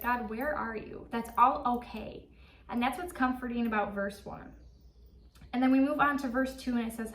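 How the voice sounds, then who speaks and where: A woman's voice: a little high, a bit bright, roomy sound, distant mic, a little hiss or hum. A young woman teaching a casual devotional Bible study, earnest and chatty with lots of fillers.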